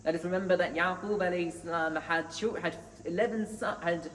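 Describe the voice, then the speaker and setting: A man's voice: high voice, fairly even intonation, brisk, fairly bright tone. A man giving an earnest Friday sermon in a mosque, reciting Arabic scripture between his points. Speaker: mosque preacher. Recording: echoey hall, distant mic, faint noise.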